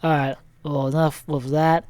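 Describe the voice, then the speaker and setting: A man's voice: a little high, flat delivery, moderate pace, darkish tone, clear, resonant tone, no room sound. A man giving a casual, rambling sports recap as he clicks through a screen, with many fillers and self-corrections. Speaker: sports vlogger.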